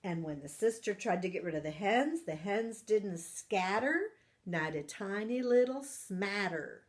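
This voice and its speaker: A woman reading a children's picture book aloud, animated, asking her young listeners questions and gasping for effect. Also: medium pitch, unhurried. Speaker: parent partner reading storytime.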